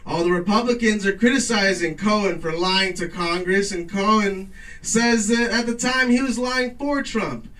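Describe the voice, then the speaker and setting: Late-night host, male, high-pitched, hypes the crowd and cracks crude jokes; off-mic sound. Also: normal speed, recorded from a distance, low-quality recording. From Mexico. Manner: loud hype-man announcing to a crowd; casual profane joking. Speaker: talk show host. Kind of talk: stand-up monologue. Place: garage studio with live audience.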